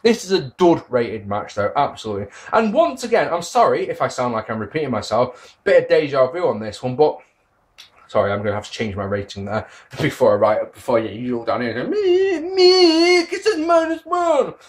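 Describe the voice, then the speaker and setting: A man's voice: mid-range voice, animated, fairly quick. A man giving a casual spoken review, sarcastic and exasperated, swearing freely. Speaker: wrestling reviewer.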